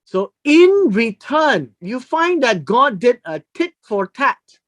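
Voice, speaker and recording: A Bible teacher giving a verse-by-verse lesson, explaining word meanings deliberately and emphatically, often repeating phrases. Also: medium pitch, very animated, fairly bright tone.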